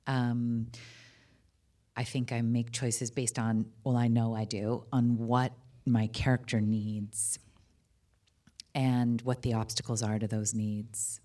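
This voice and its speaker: A woman's voice: a bass voice, level tone, slow pace, dark tone. A woman filmmaker and actor talking candidly at a live on-stage conversation, chatty and full of asides. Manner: chatty and candid, frequent laughs and "like". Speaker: filmmaker and actor, interview guest. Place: cinema auditorium with live audience.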